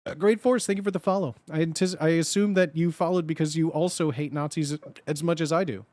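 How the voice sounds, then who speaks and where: A man's voice: fairly high pitch, fast, a little mellow, no echo. A man in his thirties chatting casually on a livestream, blunt and profane, and laughing often.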